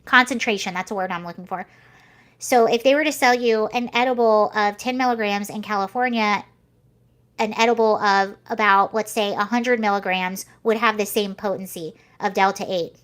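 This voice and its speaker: A woman's voice: mid-range voice, normal speed, a bit bright. A young American woman vlogging casual commentary, chatty and rambling with many fillers and restarts. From United States.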